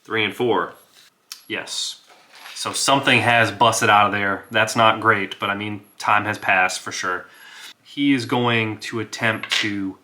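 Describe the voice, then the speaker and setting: Man, solo tabletop narrator, relaxed, unhurried, bright tone. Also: fairly low pitch, a little hiss or hum. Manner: relaxed, laughs, talks to himself about rolls. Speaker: game master and player.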